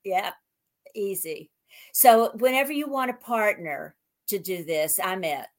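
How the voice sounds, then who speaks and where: A woman's voice: mid-range voice, unhurried. Texas-born woman as guest interviewer, effusive, trails off mid-sentence, on a video call. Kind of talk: casual chat.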